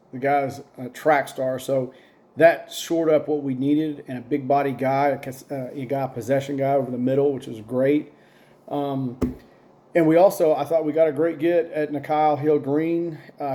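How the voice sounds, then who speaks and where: A man's voice: a little high, warm tone. A man hosting a casual solo sports talk show, rambling and opinionated with plenty of fillers, a bit tired. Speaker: sports podcast host.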